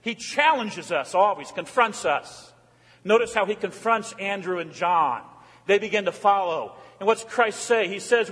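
A man's voice: high voice, expressive, normal speed, fairly bright tone. A man preaching a sermon as pastor, emphatic, asking the congregation repeated rhetorical questions. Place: church sanctuary. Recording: long church reverb.

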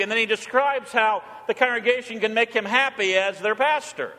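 A man preaching from the pulpit in a high, bright voice that rings down a long church reverb. He speaks as a jovial, teasing pastor and leans on rhythm and emphasis. The sanctuary sound lingers behind each phrase. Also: normal speed, hardly any pauses. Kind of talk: sermon.

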